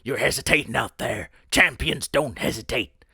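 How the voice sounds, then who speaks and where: A man putting on the voice of a gruff male boxing coach giving a barking pep talk. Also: medium pitch, moderate pace, bright, forceful tone, no echo, clean studio sound, full character voice. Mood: fired up.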